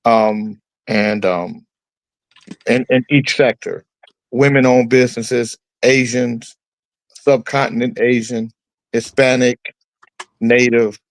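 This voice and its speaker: A man's voice: medium pitch, a little mellow, no room sound, low-quality recording. Rambling man explaining over a call. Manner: rambling, explains plainly with many fillers. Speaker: show host calling in. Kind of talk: casual radio chat by phone. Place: on a phone line, away from the studio. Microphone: phone.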